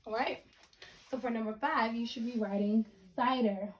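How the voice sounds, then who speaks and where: A woman teaching a reading lesson to children, speaking slowly and deliberately, breaking words into syllables and checking in with the class. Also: fairly high pitch, steady tone. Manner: repeats sentences and checks in with the class.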